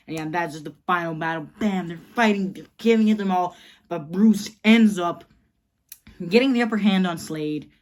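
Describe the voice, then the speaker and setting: Woman, low voice, excitable rambling fan pitch, loose and unscripted. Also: normal speed. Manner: rambling, excited, heavy with fillers. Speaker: channel host. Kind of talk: casual fan pitch of a movie idea.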